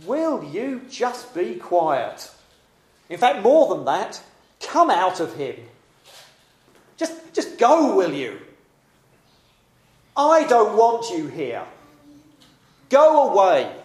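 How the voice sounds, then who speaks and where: A man's voice: sits high, huge pitch swings, drawn-out words, long pauses, pitched above the performer's own voice, heavily acted. Man doing a fed-up stern healer barking orders, raised voice, echoey room. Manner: stern, exasperated. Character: stern commanding male healer, impatient.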